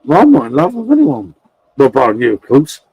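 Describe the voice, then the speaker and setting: A man's voice: medium pitch, huge pitch swings, fast talker, creaky, breathy edge, no room sound, dull audio. A man hosting a casual live chat, teasing his guests with jokes and frequent laughter. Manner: teasing, jokey, laughs often. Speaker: host.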